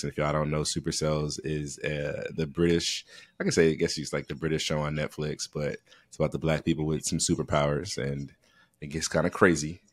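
A man co-hosting a podcast in casual chat, halting and full of restarts and fillers, with relaxed slangy talk. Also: rumbling low. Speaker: podcast co-host.

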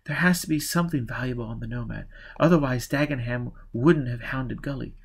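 A man reading an audiobook, voicing a distressed, ashamed woman with a soft, weary manner. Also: mid-range voice, a little fast, vocal fry, slightly rough.

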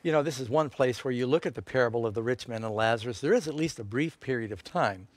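A man, a pastor co-hosting a Bible question-and-answer show, answering in a relaxed, halting way with many fillers. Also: mid-range voice, no echo. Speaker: pastor and co-host. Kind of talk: unscripted Bible Q&A.

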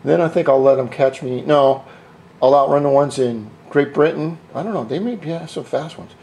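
Middle-aged guy rambling and cussing in his workshop, voice sits a bit high, jokes around. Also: normal speed, creaky, darkish tone. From United States. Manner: rambling, joking, cusses freely. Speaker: scooter hobbyist vlogger. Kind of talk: casual how-to vlog.

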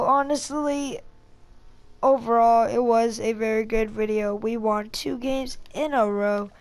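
A young woman commentating her own shooter gameplay, sick and with an upset stomach, yelling in frustration and then calming down. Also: a little high. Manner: yells in frustration, then calms down. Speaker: gaming YouTuber.

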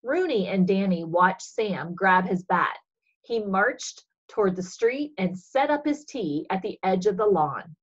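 A woman reading a children's story aloud for religious education, expressive and husky. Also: mid-range voice, unhurried, muffled recording.

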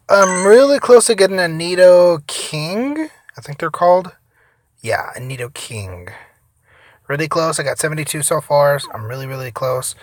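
A tired young man giving casual, profane gameplay commentary, rambling between loud outbursts and mumbled asides. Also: on the high side, no echo. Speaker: gaming vlogger.

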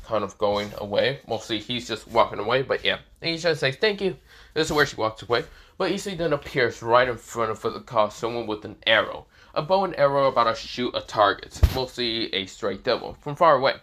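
Rambling young man telling a fan story. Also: pushed and bright. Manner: rambling, many fillers, rises in pitch often. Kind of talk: improvised fan-fiction narration.

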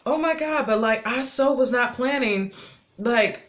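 A woman's voice: sits high, normal speed. A woman co-hosting a music video reaction, chatting casually, slangy and giggly, tearing up as she laughs. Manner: giggly, tearful, slangy ("bruh", "dude", "child"). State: laughing through tears. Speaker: YouTube reaction co-host. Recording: music video playing behind.

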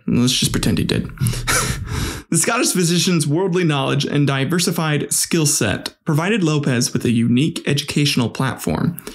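A man hosting a comedic history show, telling it in a casual, irreverent way and stumbling over words now and then. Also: on the high side. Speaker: comedy history podcast host.

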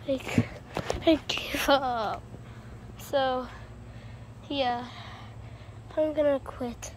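A woman narrating playful toy play in a silly, repetitive way over steady background noise. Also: high voice, drawn-out words, long pauses. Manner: silly and repetitive, chanting phrases. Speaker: vlogger playing with plush toys.

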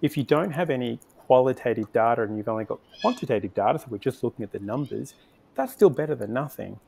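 Male podcast guest, mellow warm tone, unscripted, plenty of restarts and fillers. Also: mid-range voice, expressive, fast, vocal fry, slightly rough. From Australia. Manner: thinks aloud with frequent restarts and fillers. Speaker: podcast guest, conversion optimization agency founder. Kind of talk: conversational interview answers.

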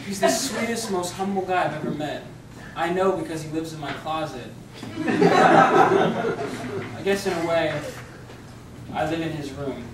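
A comedian praising a friend with mock sincerity in a testimonial-style sketch. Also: male voice, on the high side, lively intonation, measured pace, pauses often, echoey room, distant mic, very noisy.

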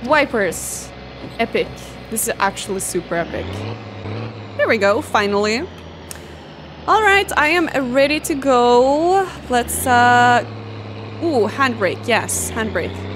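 High-voiced woman streamer narrating gameplay. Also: very animated, takes it slowly, noisy background. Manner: chatty, talks to the game and to herself; playfully dramatic, exclaims and laughs often. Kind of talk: casual let's-play commentary.

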